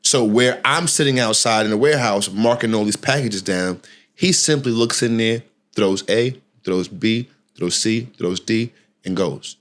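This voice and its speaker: A middle-aged man hosting a podcast, telling a personal story in a casual, slangy, animated way and often restarting his phrases. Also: lowish voice, a little slow. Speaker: podcast host.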